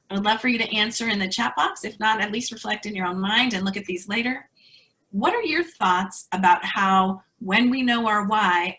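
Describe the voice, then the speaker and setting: Brief: woman presenter, bright and forceful tone, chatty storytelling, video-call sound. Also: mid-range voice, rough recording. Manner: conversational storytelling with fillers. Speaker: speaker at an educators' webinar. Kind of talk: online presentation.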